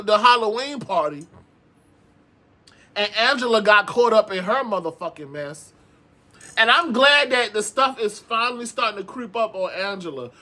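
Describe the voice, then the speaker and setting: A man with a high voice recaps reality TV in sassy, animated casual commentary. He calls his viewers "girl", repeats himself for emphasis and swears freely. His tone is bright and sharp. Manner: frequent profanity and emphatic repetition.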